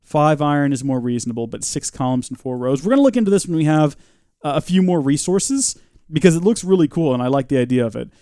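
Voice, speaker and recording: A man's voice: fairly high pitch, animated, fast, mellow, dry recording, studio quality. Chatty man streaming gameplay live. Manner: chatty, joking, reads out viewer comments.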